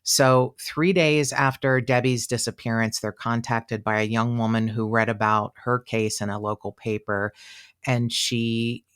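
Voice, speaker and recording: A podcast co-host walks through a true-crime case in loose, conversational talk. The voice sits at a middle pitch and gets animated, slipping into quoted voices with plenty of "you know" along the way. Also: unhurried, clear, resonant tone. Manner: animated, chatty, acts out quotes, many fillers. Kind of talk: casual true-crime storytelling.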